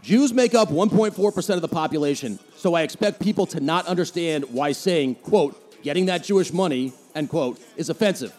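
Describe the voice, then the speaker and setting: A man's voice: fairly high pitch, lively intonation, a little fast, a little mellow. A man from New Jersey with a New Jersey accent, hosting a solo podcast and ranting sarcastically about the news. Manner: sarcastic, heated, mocking. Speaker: podcast host. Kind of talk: opinionated solo podcast rant.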